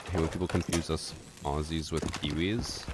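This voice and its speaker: A man streaming a tactical shooter, chatting casually and making relaxed joking callouts. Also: rumbling low, brisk, noisy background. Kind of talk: casual gaming chat and callouts. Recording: game sounds and clicks behind.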